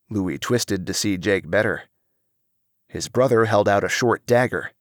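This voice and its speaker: A man narrating a storybook with an expressive reading. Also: low voice, measured pace, dry recording, clean studio sound.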